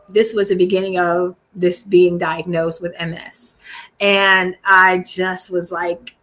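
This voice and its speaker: Chatty woman host, lowish voice. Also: a bit bright. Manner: chatty and candid, addresses listeners directly. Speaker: show host. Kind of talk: casual personal storytelling. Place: home room with balcony door open.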